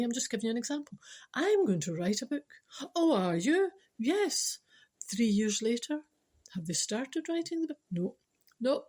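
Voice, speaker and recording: A Scottish woman talks straight to her listeners in a relaxed storytelling monologue, full of teasing sarcasm and playful asides. Her voice sits a little high and carries a soft husky grain. She sounds like a regular podcast host chatting at ease. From Scotland.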